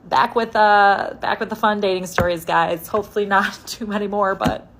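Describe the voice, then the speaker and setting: A woman in the middle of a casual storytime, chatty and wry. She peppers her telling with "like" and acts out little quoted asides. Her voice sits at an ordinary middle pitch. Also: steady tone, moderate pace, background noise. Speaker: TikTok storyteller.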